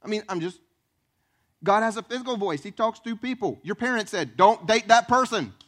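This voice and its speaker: Animated high-voiced man preaching a sermon. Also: a little fast. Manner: animated, acts out voices and questions, southern "y'all". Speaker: pastor.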